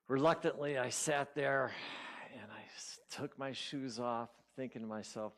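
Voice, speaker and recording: A man's voice: medium pitch, measured pace. Man telling a story in a sermon. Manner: animated storyteller, acts out his inner voices. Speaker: guest speaker at a spiritual community.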